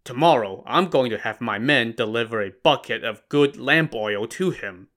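A man voicing a drunk, boastful male bandit chieftain with a loud, cocky, jovial manner. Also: mid-range voice, expressive, moderate pace, close to an everyday voice.

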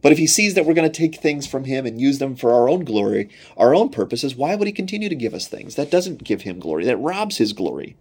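A man preaching a sermon earnestly, asking repeated rhetorical questions and rising in pitch when voicing God's words. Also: big pitch swings, brisk, hardly any pauses, darkish tone, breathy edge. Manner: earnest, repetitive rhetorical questions, rises when quoting God.

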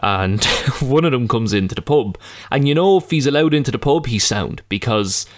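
A man's voice: medium pitch, animated, normal speed, slight background noise. An Irish man chatting casually and telling stories, swearing and laughing often. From Ireland. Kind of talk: casual chat.

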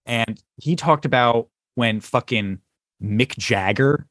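A man hosting a casual podcast chat, telling stories in an animated way and swearing casually. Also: mid-range voice, takes it slowly, dry recording. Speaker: podcast host.

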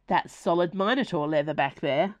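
A woman's voice: on the low side, normal speed, no echo, lightly acted. A woman voicing a cheerful, chatty male cab driver who talks bluntly in a storybook reading.

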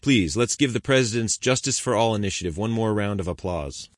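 Brief: man reading as crowd-calming male announcer, raised and bright. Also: lowish voice, fairly quick, dry recording, studio quality, pitched above the performer's own voice, lightly acted. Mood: upbeat. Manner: reassuring, soothing a crowd. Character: calm male event announcer at a podium.

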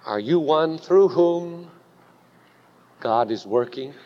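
A man preaching a sermon, telling a story dramatically and building to loud emphatic peaks. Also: fairly high pitch, expressive, slow. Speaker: pastor. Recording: dull recording with long hall reverb.

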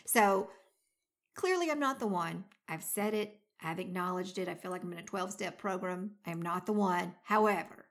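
Animated woman telling a story. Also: on the low side, moderate pace. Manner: animated storyteller, acts out her own gasps and quotes. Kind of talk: casual chat.

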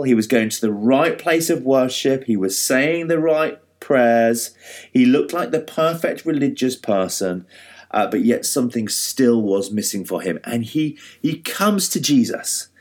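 A man preaching a sermon in an easy, conversational way. His pitch swings widely up and down, and he often restarts his sentences and uses fillers.

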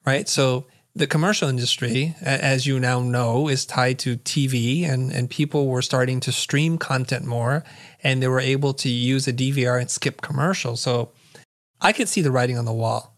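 A middle-aged man, a guest on an interview show, spins a lively story at a medium pitch. He slips into the voices of the people he quotes to act out the scene. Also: moderate pace. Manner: vivid storyteller who acts out quoted dialogue. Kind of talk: animated storytelling in conversation.

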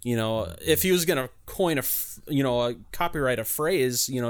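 Animated, blunt-talking male podcast host. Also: medium pitch, moderate pace. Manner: blunt and profane, frequent restarts. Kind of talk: casual wrestling podcast chat.

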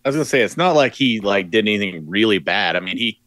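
Lower-voiced man giving blunt opinions. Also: lively intonation, fast, fairly bright tone, no echo. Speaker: podcast co-host. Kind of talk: casual movie review chat.

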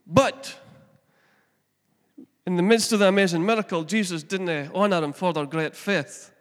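A man's voice: sits high, normal speed, big-room sound. A middle-aged man, preaching a chatty sermon that asks the congregation questions and mixes in family stories. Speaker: pastor. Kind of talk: conversational sermon.

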